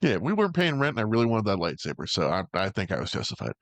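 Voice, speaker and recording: A man's voice: fairly low pitch, huge pitch swings, racing, no echo. A man co-hosting a casual movie-review chat, swearing freely and filling his talk with "like". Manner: swears a lot, heavy "like" filler. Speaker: podcast co-host.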